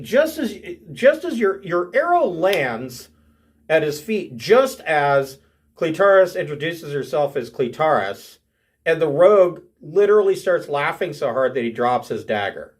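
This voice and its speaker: Slow, animated man running a tabletop game. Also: a little high. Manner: laughing, stumbling narration. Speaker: game master.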